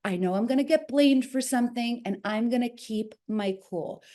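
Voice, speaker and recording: A woman in her forties with a New Jersey accent tells a story as an interview guest. Her voice sits a little high, and she acts out every quoted line with lively shifts. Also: normal speed. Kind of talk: animated storytelling.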